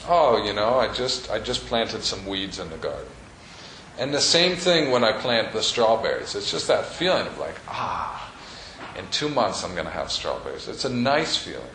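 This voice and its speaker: A man leads a meditation class in a studio, talking casually to the group with many fillers. His pitch moves up and down a lot. The room is echoey, with faint ambience behind him. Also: a bit bright, a little hiss or hum. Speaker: meditation teacher. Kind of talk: teaching a class.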